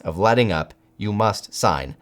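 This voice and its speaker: An American man hosting a football channel, giving solo commentary with animated, incredulous outbursts. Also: lowish voice, unhurried.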